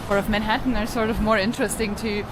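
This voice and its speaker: A woman's voice: medium pitch, steady tone, quick pace, music in the background, a crowd in the background. A woman chatting casually on a travel vlog, thoughtful and laughing between remarks. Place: outdoors in a city. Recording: outdoor street noise with traffic.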